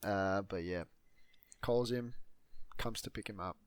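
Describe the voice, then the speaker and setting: A man with a very low voice, loosely retelling a movie plot in relaxed podcast chat. He rambles, swears freely and leans on fillers. The sound is dry and close, with no room echo. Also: a little slow, clean tone. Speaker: podcast co-host recapping a film. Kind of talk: casual chat.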